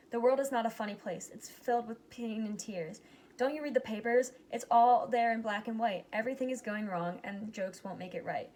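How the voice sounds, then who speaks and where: A woman reading a rhyming picture book aloud, giving its characters lively but plain voices. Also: fairly high pitch, brisk. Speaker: reader.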